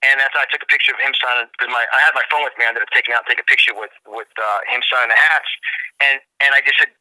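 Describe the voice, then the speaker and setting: A man's voice: medium pitch, steady tone, racing, bright, forceful tone, no echo, poor audio. A man telling a story as an interview guest, gushing and enthusiastic, often repeating and restarting words. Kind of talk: excited storytelling in a radio interview.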